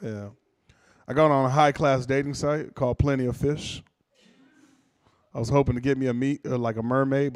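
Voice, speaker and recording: A man's voice: mid-range voice, no room sound. A man doing a stand-up comedy set, telling stories casually and acting out voices. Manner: casual, animated storytelling with character voices.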